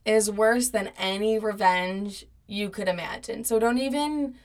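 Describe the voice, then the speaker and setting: A woman's voice: mid-range voice, measured pace. A young woman telling a personal story in a casual monologue, swearing often and acting out the people she quotes. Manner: profane, animated retelling with quoted voices.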